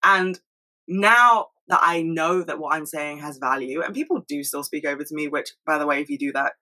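Woman, fast-talking, bright tone, candid, swears freely, casual solo monologue at home. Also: deep voice, rough recording. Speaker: solo video host.

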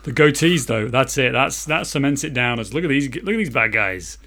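A man's voice: medium pitch, animated, fairly quick, sharp tone. A man co-hosting a podcast in casual chat, joking around and tossing out rhetorical questions. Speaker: podcast co-host.

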